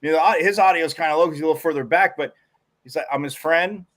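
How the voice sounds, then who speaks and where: A man co-hosting a live sports talk show, telling stories in a rambling, animated way with many restarts. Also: a little high, racing. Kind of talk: casual sports talk commentary.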